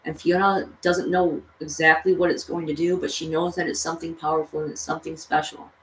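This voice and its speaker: A woman's voice: deep voice, little pitch movement, a little fast. A woman vlogger casually retelling a cartoon story, rambling with lots of fillers. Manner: rambling, full of "you know" and "like". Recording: echoey room, distant mic, faint noise.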